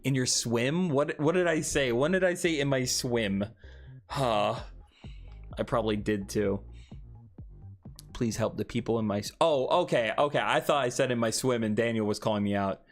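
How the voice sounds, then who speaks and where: A young man hosting a casual live stream, chatting with viewers and answering their comments, often jumping into high excited squeals. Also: moderate pace, faint music behind. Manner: animated, jumps into high excited squeals and laughs.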